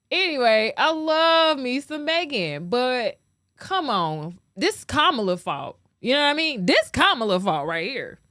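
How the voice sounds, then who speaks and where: A woman hosting a podcast, ranting casually to her viewers, animated, laughing often and swearing freely. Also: high voice, dry recording, clean studio sound. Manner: talks straight to viewers as "y'all". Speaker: podcast host. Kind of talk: casual opinion rant to camera.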